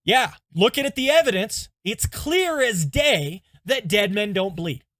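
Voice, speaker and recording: A man's voice: high voice, big pitch swings, unhurried, fairly bright tone, dry recording, full character voice. A man voicing a stubborn patient who insists he is dead, in an earnest, insistent way.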